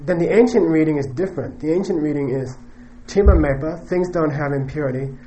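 A man's voice: on the high side, quick pace, mellow, a little hiss or hum, low-quality recording. A man teaching Buddhist philosophy in a lecture, joking and laughing often and ending points with "okay?". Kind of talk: classroom dharma lecture.

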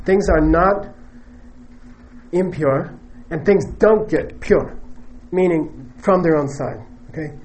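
A man's voice: fairly high pitch, slow pace, a little mellow, poor audio. A man teaching Buddhist philosophy in a lecture, joking and laughing often and ending points with "okay?". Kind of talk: classroom dharma lecture.

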